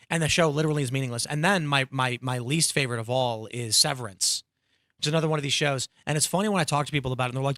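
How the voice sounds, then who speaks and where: Male panel host, sarcastic and animated, slightly higher pitch, bright forceful tone, dry close mic. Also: no echo. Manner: animated, sarcastic, acts out quotes. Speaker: podcast host. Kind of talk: opinionated panel talk show.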